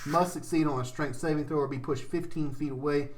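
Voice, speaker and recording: A man playing a tabletop game, reading his spell rules aloud in casual table talk. His voice sits a little high, over a faint hiss. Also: fairly even intonation, brisk.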